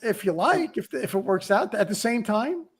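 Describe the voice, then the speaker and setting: A man's voice: high voice, big pitch swings, normal speed, creaky, husky. A man in his sixties hosting a podcast, chatting casually and rambling with restarts and asides. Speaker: podcast host. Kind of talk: casual chat.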